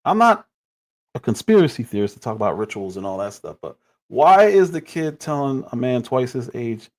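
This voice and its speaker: A man's voice: mid-range voice, sing-song, brisk, a little mellow. A man in his forties giving critical, exasperated commentary on clips during a livestream.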